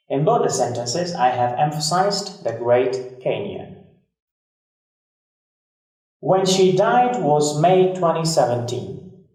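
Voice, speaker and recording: A man teaching an English grammar lesson, explaining slowly and deliberately, repeating key points and giving examples. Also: a little high, darkish tone. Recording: very echoey room, voice far from mic.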